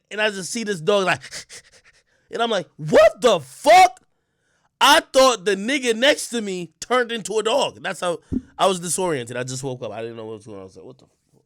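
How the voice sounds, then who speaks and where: A man from Jamaica talking casually on his livestream, telling stories with loud outbursts and quiet mutters, and swearing a lot. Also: high voice, no room sound, studio quality. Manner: animated storytelling, swings between loud outbursts and mutters; swears often. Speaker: livestream host.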